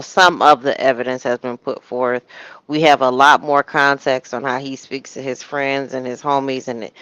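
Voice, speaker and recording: A woman's voice: a bass voice, fairly bright tone, clean tone, no echo, lo-fi sound. Woman co-host, rambling commentary, dry mic. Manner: rambling, hesitant starts. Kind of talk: casual commentary.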